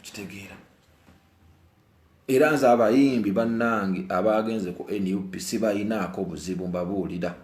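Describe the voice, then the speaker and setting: A young man with a Ugandan accent speaks in an emphatic monologue, hammering his points with repetition and shifting between murmurs and loud bursts. His voice sits low and is recorded in a roomy space with a noticeable echo. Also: moderate pace. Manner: emphatic, repeats phrases over and over; mixes heated outbursts with low murmurs. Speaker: musician. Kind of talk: emotional monologue to camera.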